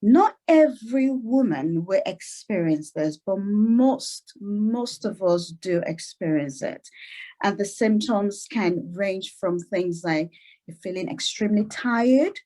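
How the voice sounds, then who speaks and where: A woman clinician, a guest on the show, explaining in a lively way, laughing often and acting out little quotes. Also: medium pitch, takes it slowly. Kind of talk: explaining in an interview.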